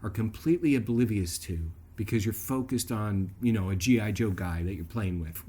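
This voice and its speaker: A man with a middle-range voice tells a personal story straight to camera, relaxed and chatty. He animates his telling by shifting his voice up and down, and keeps pulling the listener in with a quick "right?" before drifting into a gentle, reflective faith message. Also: medium pitch. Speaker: video host.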